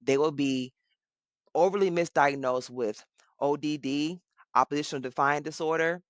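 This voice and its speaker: A woman's voice: low-pitched, normal speed, dry recording. Affirming woman host, dry close sound. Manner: warm, affirming, animated. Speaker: host, mental health worker. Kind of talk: casual interview conversation.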